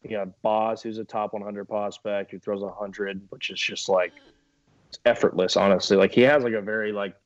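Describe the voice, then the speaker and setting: Laid-back young man, low voice. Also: little pitch movement, normal speed, no room sound, lo-fi sound. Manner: laid-back, many fillers, laughs often. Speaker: minor league baseball pitcher, guest. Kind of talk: casual podcast chat.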